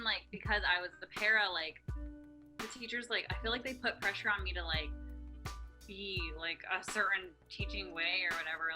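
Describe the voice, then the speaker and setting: A young woman co-hosting a podcast, chatting casually and rambling with lots of "like". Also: fairly low pitch. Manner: rambling, heavy use of "like". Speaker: podcast co-host. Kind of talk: casual chat.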